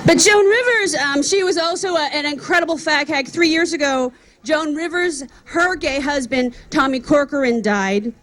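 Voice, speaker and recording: A woman's voice: high-pitched, moderate pace, fairly bright tone. A woman comedian doing a brash, profane, chatty stand-up set at an outdoor comedy event on a stage microphone.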